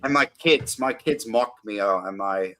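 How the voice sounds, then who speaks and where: Low-voiced middle-aged American man, rambling. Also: measured pace, pushed and bright. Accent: American, slightly softened by Australian. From Connecticut, USA. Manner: rambling storyteller, many ums and restarts. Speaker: guest photographer. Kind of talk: casual podcast interview.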